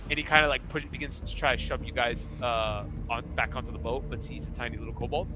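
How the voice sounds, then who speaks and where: A man running a tabletop game as game master, narrating in a rambling, lively way and often restarting his phrases. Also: medium pitch, quick pace, few pauses. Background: music.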